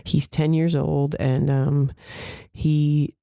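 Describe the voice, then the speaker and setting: Gravelly, mellow middle-aged woman rambling. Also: low voice, level tone, very slow, dry recording, studio quality. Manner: chatty, meandering, self-correcting. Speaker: podcast host. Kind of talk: casual rambling monologue.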